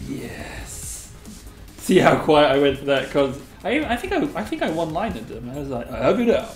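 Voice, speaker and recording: Giggly, excitable gamer in an echoey room. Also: fairly quick. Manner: excitable, giggly, squeals a catchphrase at high pitch; mutters quietly to self between bursts. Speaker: gaming video host. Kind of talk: live gameplay commentary. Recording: roomy echo, faint game music behind.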